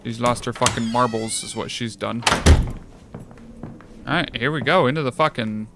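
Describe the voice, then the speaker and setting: A man giving casual, profane, excitable commentary while playing a video game. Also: mid-range voice, moderate pace, heavy background noise. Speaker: let's play gamer. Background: game music.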